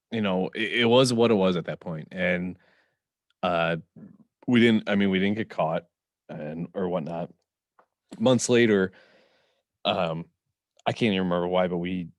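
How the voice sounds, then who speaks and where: Brief: young guy, very low voice, halting chatty storyteller, dry close sound. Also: no room sound. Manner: halting, with "um" and "like" fillers. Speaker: podcast co-host. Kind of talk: casual storytelling.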